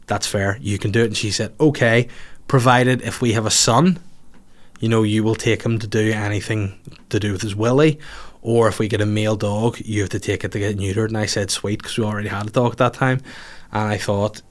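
A man's voice: fairly low pitch, fairly even intonation, fairly quick. A man telling a long, rambling story in casual chat, swearing and laughing at himself as he goes.

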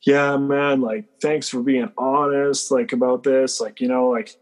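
A man's voice: medium pitch, steady tone, a little slow, natural voice. A man voicing a jilted young fiance in a retold story, using a slightly raised, laid-back voice full of "man" and "dude". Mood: aggrieved.

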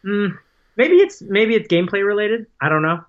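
A man's voice: high voice, big pitch swings, normal speed. A man talking as a podcast guest in casual conversation, telling stories in a rambling way, full of "like" and "um". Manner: rambling storyteller, heavy use of "like" and "um". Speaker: podcast guest, paintball player and vlogger. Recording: dull lo-fi sound.

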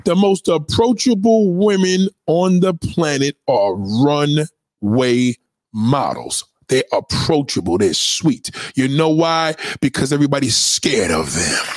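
High-voiced man ranting aggressively. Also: expressive, takes it slowly. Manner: profane, aggressive, taunting. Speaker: online commentator. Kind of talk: ranting commentary.

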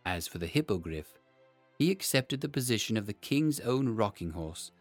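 A man narrating a children's storybook in a measured, expressive reading. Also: lowish voice, no room sound, soft background music.

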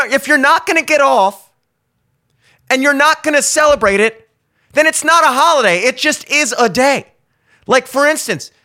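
A man's voice: very high voice, bright, forceful tone. A man hosting a podcast, delivering a profane, sarcastic comedic rant and acting out mock conversations. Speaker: podcast host. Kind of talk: ranting comedic monologue.

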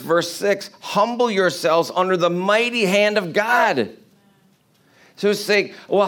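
A man's voice: sits high, fairly bright tone. A man preaching a sermon in a conversational way, asking the congregation rhetorical questions. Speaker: pastor.

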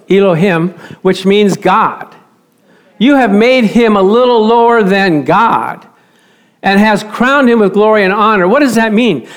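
A middle-aged man preaches with a notably high voice. His delivery is fervent, rising to loud praise and dropping into soft, low storytelling. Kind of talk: sermon.

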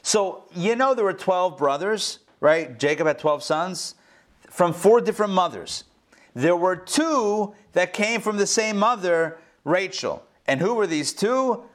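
A man's voice: high voice, lively intonation, a little slow. A middle-aged man, a rabbi, teaching a Torah class over a video call in a casual, jokey way, asking his audience questions. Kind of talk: casual online class lecture. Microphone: computer mic on a video call.

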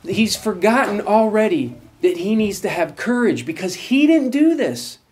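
A man's voice: sits high, animated, normal speed. A man preaching a sermon, explaining scripture with earnest emphasis and reading verses aloud. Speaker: pastor.

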